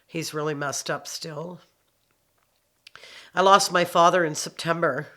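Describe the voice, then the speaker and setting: A middle-aged woman from Canada giving a personal testimony, halting and reflective, pausing often with ums. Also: sits low, steady tone, sharp tone. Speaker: abuse survivor telling her story.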